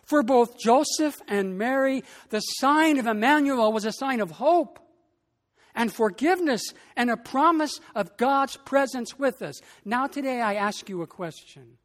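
A pastor preaching a sermon with a slow, deliberate delivery, rising in emphasis on key phrases. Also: mid-range voice, lively intonation, long reverb tail.

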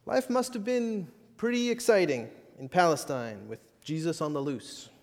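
A man preaching a sermon with measured, dramatic pauses and bits of self-mocking humor. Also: on the high side, creaky, long reverb tail. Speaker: pastor.

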